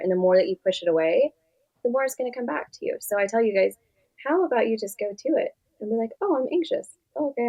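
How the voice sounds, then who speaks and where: Brief: young woman therapist, quick chatty delivery with a touch of vocal fry, acts out client exchanges. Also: mid-range voice, lo-fi sound. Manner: animated storyteller acting out client dialogue. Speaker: therapist guest. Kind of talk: casual conversational interview.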